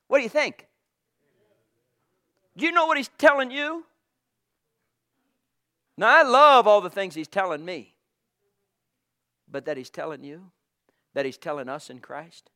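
A man preaching a fervent sermon, swinging between hushed tones and shouting, addressing listeners as brothers and sisters. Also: sits high, big pitch swings, unhurried, pauses often.

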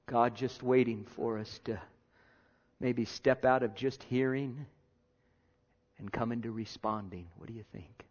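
Impassioned male preacher, muffled recording. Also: mid-range voice. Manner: dramatic, swings from loud to near-whisper. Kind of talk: sermon. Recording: dull lo-fi sound.

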